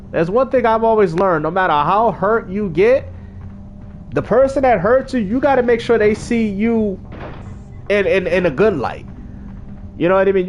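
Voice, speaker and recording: Casual streamer man, high and swoopy, slangy storyteller who acts out every quote, faint background noise. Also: highs cut off. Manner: animated, slangy, acts out quotes with big pitch jumps. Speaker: gaming streamer.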